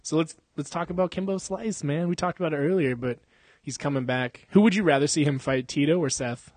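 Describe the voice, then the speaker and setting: A young man talks in a casual chat, swearing freely and laughing through his animated stories. His voice sits a little high and sounds husky. The recording is dry and close. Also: a little fast, no room sound. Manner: profane, laughing, animated storytelling. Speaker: podcast host.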